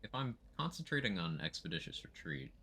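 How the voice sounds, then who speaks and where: A man's voice: low voice, very animated, brisk, sharp tone, husky. A man streaming a video game, casually thinking aloud about his choices with mumbled asides. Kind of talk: casual gameplay commentary.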